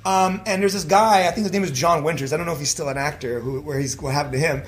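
A young man telling a story in casual chat, animated and swearing, with lots of filler words. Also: fairly high pitch, fast, hardly any pauses. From Canada. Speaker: actor telling his story.

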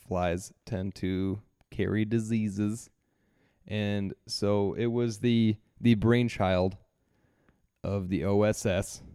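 Low-voiced man telling a story with laughs. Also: fairly even intonation, slow, dark tone, smooth, no echo, studio quality. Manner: laughs often, rambling storytelling with restarts. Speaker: podcast co-host. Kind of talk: casual chat.

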